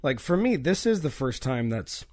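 A male actor appearing as a podcast guest, speaking earnestly and thoughtfully. His voice has an ordinary middle pitch. The recording is dry and close. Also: very animated, normal speed, a little mellow, no echo. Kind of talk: casual chat.

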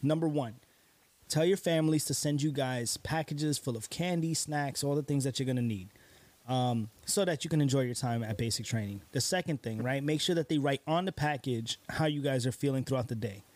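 A man's voice: mid-range voice, a little fast, a little mellow. A man hosting a casual podcast, talking straight to listeners in an earnest, encouraging way and often checking in with "right?". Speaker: podcast host.

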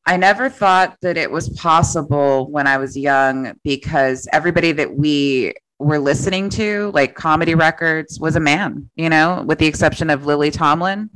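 A woman comedian in a casual interview, telling childhood stories in a chatty way, laughing often and quoting herself in lively put-on voices. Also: low voice, moderate pace, hardly any pauses, clean tone, dry recording, poor audio. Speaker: comedian guest.

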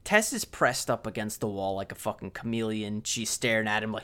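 A man's voice: fairly low pitch, brisk, hardly any pauses, bright, forceful tone, smooth. A man co-hosting a podcast, casually retelling a film scene and acting out its lines with plenty of swearing. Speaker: podcast co-host. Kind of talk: casual movie review chat.

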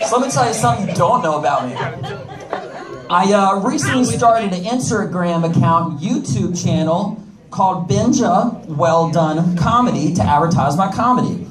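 A man's voice: high voice, animated, normal speed, reverberant, distant mic, crowd noise, poor audio. A man doing a stand-up comedy set, with brash joking asides to the audience. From United States. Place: comedy club stage.

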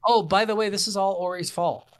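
A man co-hosting a casual game review podcast, animated, swearing freely and acting out his reactions. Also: high voice, fairly quick, no echo, studio quality. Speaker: podcast co-host.

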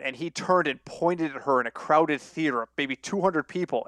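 A young man with a fairly high voice tells betting stories on a podcast, jumping into little acted-out quotes and laughing along the way. The sound is close and dry, with no room around it. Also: fairly quick, few pauses, no echo. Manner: animated storyteller, acts out quoted voices, laughs often. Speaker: podcast co-host. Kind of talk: casual sports betting chat.

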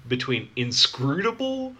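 Lively bright-toned wry podcast host. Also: male voice, medium pitch, unhurried, slight background noise. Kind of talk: casual comedic chat.

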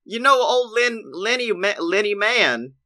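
A man with a very bright, slightly high voice talks excitedly in a casual podcast chat. He laughs often and climbs in pitch and volume when he gets worked up about something. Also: a little slow. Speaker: podcast co-host.

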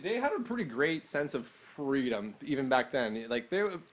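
Male podcast co-host, mid pitch, animated intonation, blunt and crude. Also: moderate pace. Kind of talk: casual chat.

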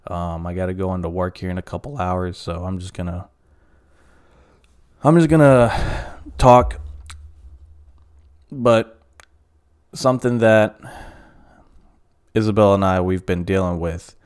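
A man's voice: deep voice, expressive, measured pace, long pauses, a little mellow, smooth. A man hosting a casual solo podcast, rambling and swearing freely with lots of fillers. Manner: profane, rambling, frequent fillers. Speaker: podcast host.

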